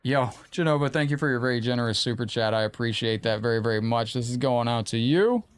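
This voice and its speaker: A man hosting a live gaming stream, chatting casually and excitably, praising his opponent and thanking viewers. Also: mid-range voice, quick pace, smooth. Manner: chatty and informal, often profane.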